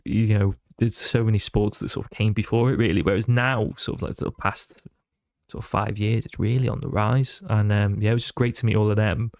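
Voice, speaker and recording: Chatty man telling animated stories. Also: on the low side, fairly quick, gravelly, dry recording, clean studio sound. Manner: animated storyteller who slips into voices. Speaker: podcast guest. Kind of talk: casual chat.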